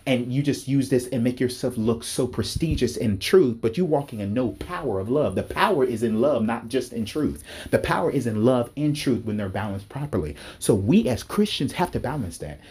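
Man preaching with fervor; husky, darker timbre, repeats phrases and leaps upward when heated. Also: lively intonation, normal speed, few pauses, darkish tone. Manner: fervent, repeats himself, pitch climbs sharply when worked up. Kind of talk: impassioned sermon-style talk. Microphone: speaking to a recording device.

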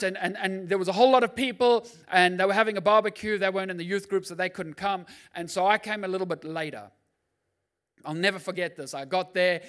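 A middle-aged man preaching as a pastor, swinging between loud urging and quiet, personal storytelling. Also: a little high. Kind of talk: sermon.

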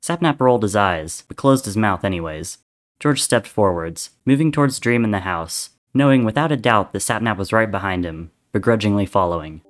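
Male storyteller, lower voice, measured dramatic reading. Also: animated. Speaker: narrator. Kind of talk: reading fan fiction aloud.

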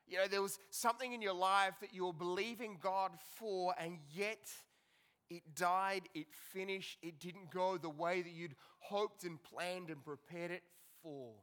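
A man delivering a church sermon in a high, bright voice. He swings from loud, pressing emphasis down to hushed, quiet passages. His phrasing is repetitive and dramatic, in the way of a pastor at a service. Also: fairly even intonation, unhurried, clean tone.

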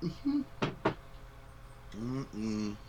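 A man's voice: on the low side, huge pitch swings, very slow, noisy background. A young adult man hosting a podcast, chatting casually and reflectively, swearing freely. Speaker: podcast host. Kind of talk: casual chat.

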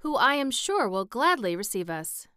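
A woman voicing a kind, wise male scarecrow in a storybook reading, measured and gentle. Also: on the high side, big pitch swings, clear, resonant tone, no room sound, studio quality, voice pushed up. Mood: kindly. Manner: kindly, measured. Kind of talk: audiobook reading.

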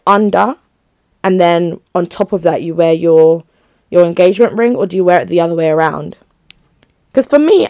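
A young woman with a fairly low voice chats casually to her listeners on her own, rambling and giggling as she goes. The sound is studio quality with no echo.

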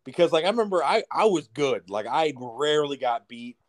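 A young man co-hosting a podcast, telling a story in casual, profane, animated chat. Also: fairly high pitch, a little fast. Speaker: podcast co-host. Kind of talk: casual storytelling over beers.

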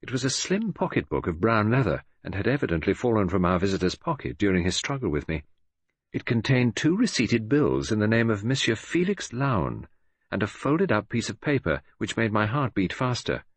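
Husky, expressive male audiobook narrator. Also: on the low side, no echo. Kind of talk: scripted narration.

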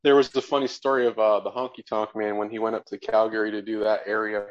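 A man's voice: fairly low pitch, little pitch movement, fast talker. A man hosting a casual podcast, telling jokey stories and laughing often. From Canada. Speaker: podcast host. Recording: dull lo-fi audio.

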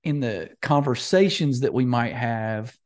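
A man hosts a podcast, asking long, winding questions that he keeps reworking, with a light joking tone. His pitch is ordinary for a man. He talks in a relaxed, conversational way. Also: a little slow. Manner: rambling, self-correcting questions, joking. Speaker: host.

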